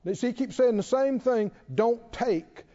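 A man preaching a sermon with animated delivery, repeating phrases and quoting scripture. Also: very high voice, measured pace, lo-fi sound. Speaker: pastor.

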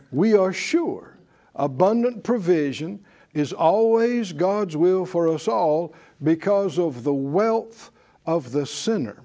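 An older man, both preacher and teacher, leads a sermon-style Bible class at an unhurried pace. His voice sits higher than most men's but is mellow and warm, and he's folksy, chuckling at his own asides and driving his points home with rhetorical questions.

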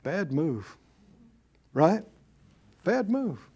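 A man's voice: high-pitched, big pitch swings, very slow, mellow, slightly rough. A man preaching a sermon, emphatic and repetitive, leading his congregation in spoken affirmations. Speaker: preacher and Bible teacher. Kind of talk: sermon with call-and-response.

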